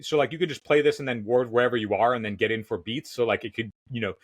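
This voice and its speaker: A man's voice: mid-range voice, fairly even intonation, fast talker, no echo. A man co-hosting a casual card game podcast, laid-back and saying "dude" a lot. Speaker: podcast co-host.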